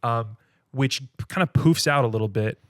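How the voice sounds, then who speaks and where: A man's voice: medium pitch, normal speed, no room sound, clean studio sound. A man co-hosting a podcast, retelling a bad movie in casual, jokey chat with lots of laughter. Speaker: podcast co-host.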